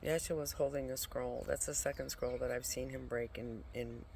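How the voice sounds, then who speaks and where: Weary gravelly voice, rambling vision talk. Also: medium pitch, fairly even intonation, moderate pace, a little mellow. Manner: rambling, swears often, drops into whispers. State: exhausted from lack of sleep. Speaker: spiritual vlogger sharing visions. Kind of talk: casual spiritual monologue. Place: at home with a pet dog nearby. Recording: noisy home recording.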